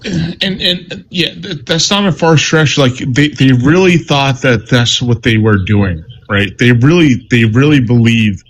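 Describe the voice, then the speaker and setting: Halting, defensive young-sounding man. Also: medium pitch, a little hiss or hum, low-quality recording. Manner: halting, repeats "dude" and restarts under pressure. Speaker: panelist. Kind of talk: heated political debate. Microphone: phone on a live stream.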